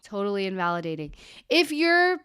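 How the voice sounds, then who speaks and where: A woman talks to her viewers on a live stream in a candid, animated, chatty way, now and then with a casual swear. Her voice is smooth and clear, at a middle pitch, and the sound is dry and close. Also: brisk, no room sound. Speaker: therapist hosting a live Q&A.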